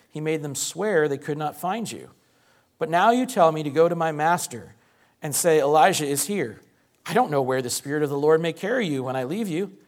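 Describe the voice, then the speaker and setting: A terrified male servant begging not to be sent to his death, as a preacher puts him on. His voice climbs higher and louder as he pleads, pressing every line with urgent emphasis. It is a scripture passage read aloud with feeling rather than a full stage performance. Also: close to an everyday voice.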